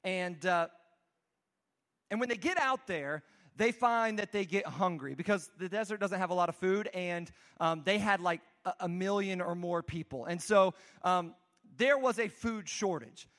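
A man's voice: high voice, measured pace, fairly bright tone. A man preaching a conversational sermon, telling the story casually with frequent restarts and asides. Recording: long hall reverb.

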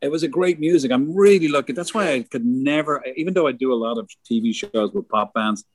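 A middle-aged concert lighting designer talks briskly in a mid-range voice, without echo, spinning meandering backstage tales in casual conversation. He swears liberally and acts out what others said.

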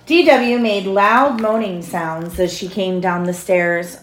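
A mother reading a storybook aloud to her children at home, pausing to ask them questions. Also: medium pitch, steady tone, echoey room, rough recording. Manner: pauses to quiz the children.

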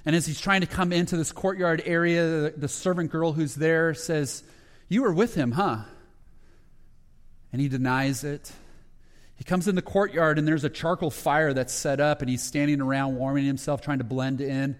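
A man's voice: fairly high pitch, moderate pace. Man, pastor, sermon storytelling, acts out quotes, lingering hall echo. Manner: retells scripture with quoted dialogue, dropping to a hushed voice at emotional moments. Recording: long hall reverb.

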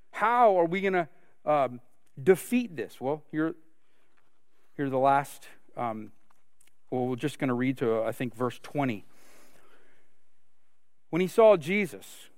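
A man's voice: on the high side, no room sound, clean studio sound. A man preaching a sermon, earnest and full of rhetorical questions. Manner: earnest, asks rhetorical questions, many restarts. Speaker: pastor.

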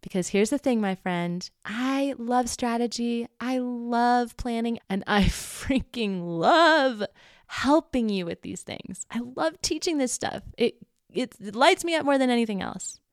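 A woman's voice: fairly high pitch, animated, a little slow, no echo, clean studio sound. A young woman hosting a podcast, talking casually and animatedly to her listeners, often laughing and swearing lightly. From United States. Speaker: podcast host. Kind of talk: casual personal monologue to listeners.

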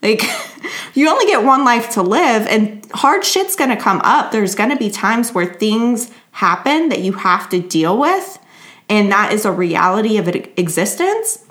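A woman's voice: mid-range voice, very animated, unhurried, fairly bright tone. A woman talking casually and frankly in a monologue, swearing freely and laughing as she speaks. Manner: frank, profane, laughs often.

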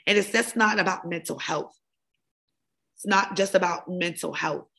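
This podcast host and wellness coach has a gravelly, lowish voice with a bit of brightness, speaking at a moderate pace. Emotionally charged, she gives a fervent motivational monologue built on repetition.

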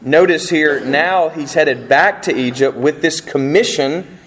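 Conversational preacher with a high voice. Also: male voice, measured pace, fairly bright tone, low-quality recording. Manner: conversational, acts out quoted voices, self-interrupting. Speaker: pastor. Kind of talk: sermon.

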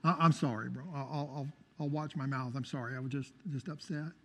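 A man voicing his grown brother who cusses and then apologizes in a low mumble. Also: steady tone, brisk, long reverb tail, close to an everyday voice. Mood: apologetic.

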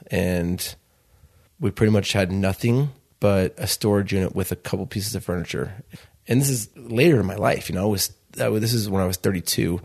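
Man in his 30s, restaurant owner, low gravelly voice, loose rambling storyteller. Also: a little mellow. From Chicago. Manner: loose, rambling storyteller acting out quoted dialogue. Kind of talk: storytelling interview.

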